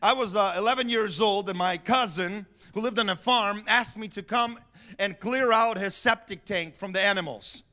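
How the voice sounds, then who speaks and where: A male pastor telling a story in a sermon, animated, shouting for emphasis and laughing often. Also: sits high, normal speed. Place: church sanctuary.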